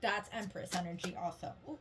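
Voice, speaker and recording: A woman's voice: on the low side, a little fast, background noise. A woman giving a casual tarot reading to her viewers. She talks in a rambling, upbeat way, laughs often and says "like" a lot. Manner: chatty and rambling, heavy use of "like"; giggly, upbeat and encouraging. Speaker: tarot reader.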